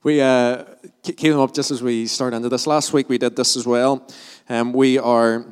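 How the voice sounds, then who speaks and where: A man's voice: mid-range voice, little pitch movement, normal speed, clean tone. A man, a pastor, leading fervent prayer and church announcements and often restarting his phrases. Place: church hall. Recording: long reverb of a church hall.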